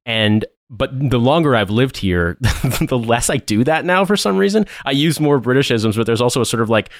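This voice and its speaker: A man's voice: medium pitch, expressive, moderate pace, dry recording, studio quality. An American man from Indiana co-hosting a podcast, chatting casually in a rambling way with many fillers and restarts. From Indiana, USA. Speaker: podcast co-host. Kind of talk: casual chat.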